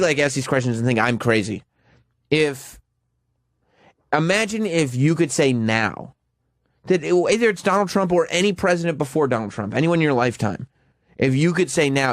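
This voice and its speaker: A man's voice: a little high, lively intonation, moderate pace, pauses often, no echo, studio quality. A man who laughs often, joking around in casual radio banter as a regular on the show. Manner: giggly, playful, often laughing.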